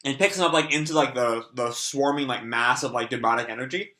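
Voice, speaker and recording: A man rambles through a casual reaction to a comic chapter, filling his talk with fillers and offhand swearing. His voice is bright and forceful and sits at a middle pitch. A stuffy nose makes him cough now and then. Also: fairly quick. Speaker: channel host reacting to a manga chapter.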